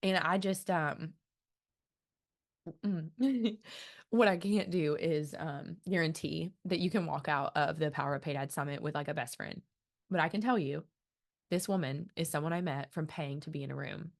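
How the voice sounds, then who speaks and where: A woman's voice: low-pitched, moderate pace, gravelly. A woman in her thirties hosting a podcast, talking in an enthusiastic, earnest, chatty way. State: emotional, close to tears. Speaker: podcast host. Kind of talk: casual podcast monologue.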